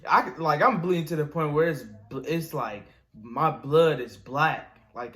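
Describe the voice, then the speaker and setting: A young man telling a casual story, animated and slangy, acting out his own screams. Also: medium pitch.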